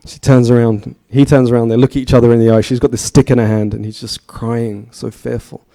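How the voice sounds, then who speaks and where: This temple speaker, a man in his thirties, gives a chatty storytelling sermon and asks his listeners questions. His delivery is flat and a little fast, his mid-range voice gravelly and dark.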